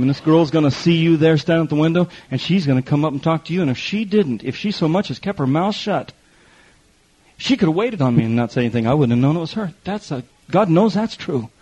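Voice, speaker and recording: A husky, fairly high-voiced middle-aged man preaches in a folksy, storytelling way, repeating his phrases and slipping into the voices of the people he quotes. The recording is muffled and lo-fi. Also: expressive, a little fast, darkish tone. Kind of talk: sermon testimony.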